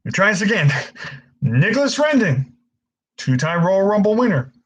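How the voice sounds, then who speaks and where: A man's voice: high-pitched, sing-song, moderate pace, low-quality recording. A young man hosting a casual live-stream Q&A, frustrated and stammering, swearing often as he answers viewers.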